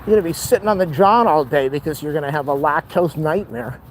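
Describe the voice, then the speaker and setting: A man in a walking vlog, ranting with strong opinions and puffing as he climbs. His voice sits a little high. Faint street noise hangs behind him outdoors. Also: quick pace, rough recording. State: out of breath from walking uphill. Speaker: vlogger.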